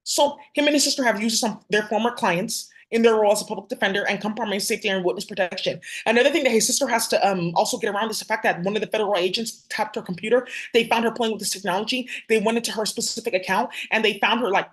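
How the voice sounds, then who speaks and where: A woman vlogger rants in a fast, confrontational torrent, swearing freely as she speaks straight to her viewers. Her voice sits at an ordinary middle pitch, but her pace never lets up. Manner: rapid, profane, confrontational. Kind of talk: heated direct-to-camera rant.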